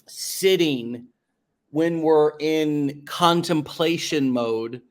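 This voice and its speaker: Guy hosting a podcast, coachy, drags out words to make a point. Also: fairly high pitch. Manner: coaching, drawn-out emphatic phrases. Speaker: podcast host. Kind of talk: casual interview chat.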